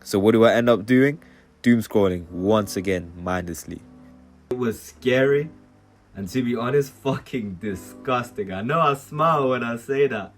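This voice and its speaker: A man's voice: mid-range voice, moderate pace, soft background music. A young man talking candidly to camera as a self-improvement vlogger, swearing and laughing at himself. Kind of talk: casual talk to camera.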